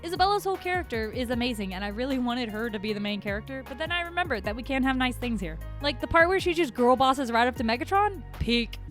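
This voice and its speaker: A woman giving a casual, sarcastic and exasperated film review with animated outbursts. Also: high voice, fast talker, few pauses, over music. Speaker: movie reviewer. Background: lo-fi beats.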